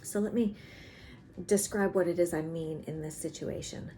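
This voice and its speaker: A woman therapist calmly explaining emotional boundaries, acting out small everyday conversations as she teaches. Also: lowish voice, normal speed, faint music behind. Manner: gentle and explanatory, acts out little dialogues. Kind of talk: teaching talk to camera. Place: in South Carolina.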